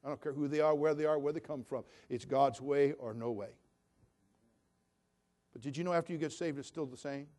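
Folksy older preacher, higher voice. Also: male voice, a little fast, pauses often, warm tone. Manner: folksy, homespun storytelling with fervent preaching. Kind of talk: sermon.

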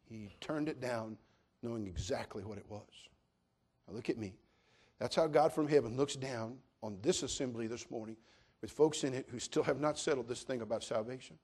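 A middle-aged male pastor delivering a sermon at an ordinary, mid-range pitch. He tells his story plainly, then swells into loud, emphatic preaching. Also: normal speed, husky.

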